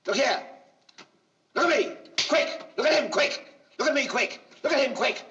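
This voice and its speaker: A man directing child actors on a film set, coaxing them gently and then urging them on with quick, insistent cues, recorded on an old archival soundtrack. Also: very high voice, expressive. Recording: distant, dull, hissy archival recording.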